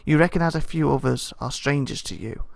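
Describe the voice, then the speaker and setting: A man's voice: fairly high pitch, a little fast, vocal fry, no room sound. A man playing a video game and reading its text aloud, tripping over names and adding joking asides. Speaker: let's play host.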